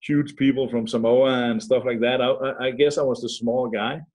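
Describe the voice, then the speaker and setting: A man's voice: medium pitch, moderate pace. A middle-aged man from Denmark with a Danish accent, a podcast guest telling stories in a casual interview, joking at his own expense and restarting often. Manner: animated storyteller, self-mocking, frequent fillers and restarts. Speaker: podcast guest, security professional.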